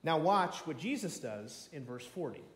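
A man preaching a sermon as pastor, telling the story dramatically, acting out voices and swinging from shouts to near whispers. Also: fairly high pitch, big pitch swings, moderate pace. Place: church sanctuary. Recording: echoey church room.

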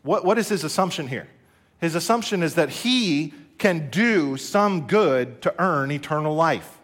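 Earnest preacher, man, slightly high voice. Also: lively intonation, a little slow, a bit bright. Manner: earnest preaching with call-and-response. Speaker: pastor. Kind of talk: sermon.

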